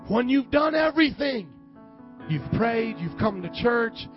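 A male pastor with a high voice preaches to his congregation and leans on call-and-response. The sound is muffled and lo-fi, with soft music underneath. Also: sing-song, a little slow. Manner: call-and-response preaching, swings from hushed to loud. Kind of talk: sermon. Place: church service. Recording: dull lo-fi church recording with faint music.

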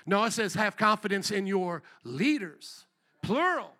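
A male pastor in full sermon, his voice pitched high and ringing bright. He talks straight at the congregation, asking for amens and raised hands, pressing each point hard. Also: moderate pace. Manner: energetic, call-and-response preaching.

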